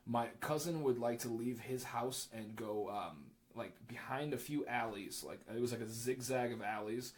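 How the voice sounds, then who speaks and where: A man's voice: mid-range voice, moderate pace, hardly any pauses. A young man hosting a podcast, chatting casually and swearing freely as he tells stories with acted-out quotes. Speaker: podcast host. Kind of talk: casual chat.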